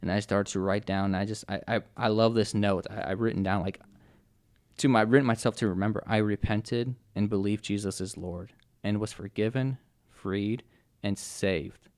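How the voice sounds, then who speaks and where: A young man telling his personal testimony as a podcast guest, earnest and halting, with many restarts and fillers. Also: on the low side, steady tone, a little mellow, clear, resonant tone.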